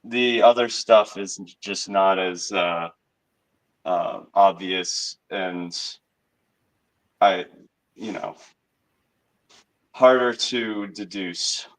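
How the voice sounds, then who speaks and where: Skeptical, low-voiced man. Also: fairly bright tone, low-quality recording. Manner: skeptical, halting. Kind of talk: casual group discussion.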